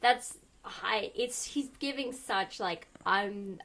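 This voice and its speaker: Bright-voiced woman, hesitant chat. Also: mid-range voice, slow pace. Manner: hesitant, restarts, acts out characters. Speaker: podcast co-host. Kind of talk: casual film review chat.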